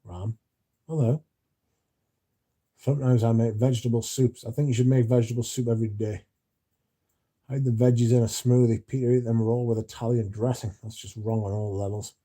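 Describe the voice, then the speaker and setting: Sleepy man, dark husky voice. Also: medium pitch, fairly even intonation, brisk, long pauses. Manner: drowsy, yawning, mumbles at times. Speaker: livestream host reading chat. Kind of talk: casual rambling chat.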